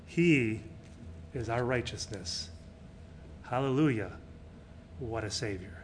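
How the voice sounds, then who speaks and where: A middle-aged male pastor preaching a sermon, swinging between loud emphatic peaks and quiet, soft passages. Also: medium pitch, slow pace, slight background noise.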